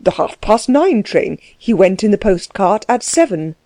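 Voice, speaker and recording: A woman's voice: medium pitch, big pitch swings, measured pace, mellow, no room sound, studio quality. Woman doing a fretful, gushing housewife. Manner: fretful, pitying chatter. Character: fussy, kindly innkeeper's wife, anxious and gushing.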